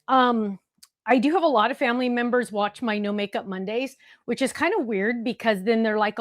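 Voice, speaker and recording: A woman's voice: a little high, fairly quick, no echo, clean studio sound. A woman hosting a live craft show, talking in a chatty, rambling way full of asides. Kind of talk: casual livestream chat.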